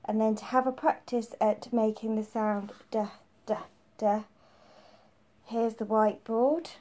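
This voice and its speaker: A woman's voice: fairly high pitch, fairly even intonation, normal speed, warm tone. A woman preschool teacher giving a phonics lesson to young children, patiently repeating each letter sound.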